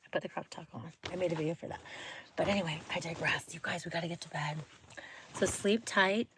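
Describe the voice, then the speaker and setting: A woman's voice: on the low side, fairly even intonation, fast talker, noisy background. Chatty woman, often whispering. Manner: rambling, thinks aloud. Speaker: livestream host. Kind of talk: casual live chat with viewers.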